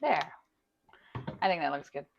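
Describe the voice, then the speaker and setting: Chatty woman with a low gravelly voice. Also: sing-song, measured pace, highs cut off, slight background noise. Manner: chatty, self-deprecating, laughs often. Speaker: home baking vlogger. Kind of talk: casual chat while decorating a cake. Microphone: wireless microphone.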